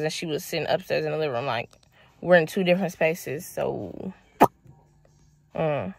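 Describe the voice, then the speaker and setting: Young woman telling a story, animated. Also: deep voice, moderate pace, gravelly, pauses often, no room sound. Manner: animated, emphatic retelling with loud acted quotes; slangy, rambling, addresses viewers as y'all. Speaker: vlogger telling a personal story. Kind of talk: casual storytime chat.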